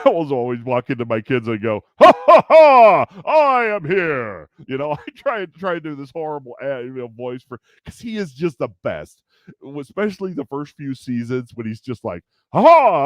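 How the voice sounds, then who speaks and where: A man's voice: lowish voice, a little mellow, no room sound. A man with kids hosting a casual livestream, rambling, restarting sentences and laughing often. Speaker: livestream host.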